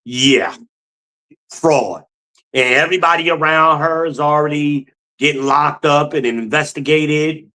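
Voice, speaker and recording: A man from New Jersey holds forth alone as a podcast host, his voice pitched a little higher than most men's. He talks bluntly and swears freely, mocking the people he discusses. His delivery stays casual and direct. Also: steady tone, unhurried, sharp tone. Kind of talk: solo opinion commentary.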